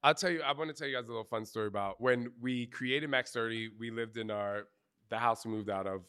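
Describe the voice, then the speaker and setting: A man answering questions in front of a group, telling candid stories in animated, slangy speech with cursing and acted-out quotes. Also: mid-range voice, brisk, clear, resonant tone. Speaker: fitness trainer interviewee. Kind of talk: candid storytelling Q&A before a live group. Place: outdoor retreat gathering.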